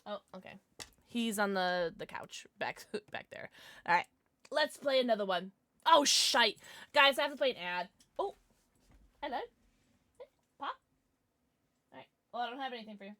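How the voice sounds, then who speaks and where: A woman's voice: a little high, expressive, moderate pace, pauses often, bright, forceful tone, dry recording. A young woman live-streaming, chatting casually and bubbly as she reads her chat aloud, gasping and laughing often.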